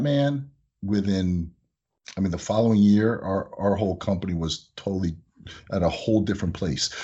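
A husky-voiced man tells stories about his business with animated energy, acting out the people in them. The recording is dull and lo-fi. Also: deep voice. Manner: animated, acts out voices in anecdotes. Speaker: business owner, guest. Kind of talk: casual interview storytelling.

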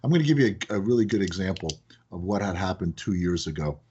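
A man who owns a business, chatting in a casual podcast and telling animated stories that act out his phone calls. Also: low voice, quick pace, lo-fi sound, slight background noise. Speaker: business owner, guest.

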